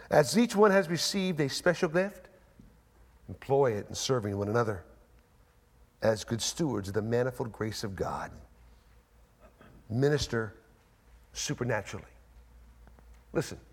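A man preaching a sermon to a church congregation, emphatic and repetitive, moving between soft, low asides and loud, high declarations. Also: husky. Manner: emphatic preaching with repetition and rising, falling pitch. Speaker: pastor. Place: church sanctuary.

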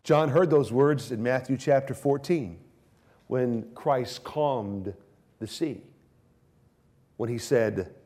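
Male preacher, slow sermon delivery, moves between quiet intensity and loud emphasis. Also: medium pitch. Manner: swings from hushed, drawn-out phrases to raised emphatic declarations.

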